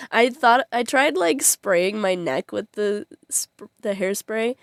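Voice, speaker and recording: A woman's voice: medium pitch, expressive, slow pace, no echo, studio quality. A young woman chatting casually on her vlog, rambling with fillers and frequent giggles. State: tearful at times. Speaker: vlogger.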